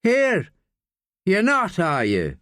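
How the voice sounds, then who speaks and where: A man's voice: sits high, huge pitch swings, drawn-out words, a bit bright, no room sound, studio quality, pitched above the performer's own voice, full character voice. A man voicing a drunk, bigoted young male student with a jeering, slurred drawl. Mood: sneering.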